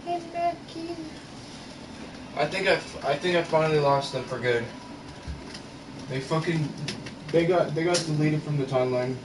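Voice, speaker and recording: A man's voice: on the high side, moderate pace, long pauses. A man ranting in a casual vlog, frustrated and exasperated, swearing constantly, recorded in his bedroom. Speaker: gaming channel vlogger. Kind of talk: casual rant to camera. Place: bedroom at home. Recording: roomy, far from the mic, noisy background.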